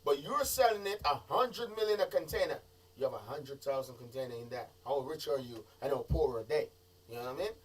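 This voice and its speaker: A man's voice: mid-range voice, animated, fairly quick, breathy edge, far from the mic, rough recording. A Jamaican man hosting a live show, talking in an emphatic, lecturing way on a mobile phone broadcast. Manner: emphatic, lecturing, patois phrasing. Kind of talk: casual live-stream chat.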